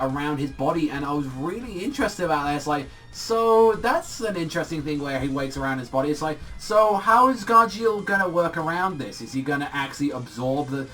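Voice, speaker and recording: A man's voice: on the high side, fairly bright tone, distant mic. A young British man reviewing manga in a casual vlog, rambling and swearing, with lots of fillers. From Britain.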